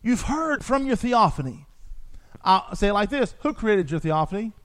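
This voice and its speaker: A man's voice: high voice, big pitch swings, moderate pace, fairly bright tone. A man preaching a sermon with passion, repeating phrases for emphasis.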